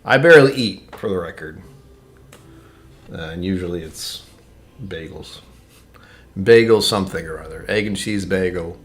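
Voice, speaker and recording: Man in his own home stream setup, lowish voice, loose rambling chat, jokey asides. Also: normal speed, pauses often. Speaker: whiskey tasting streamer. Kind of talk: casual live-stream chat.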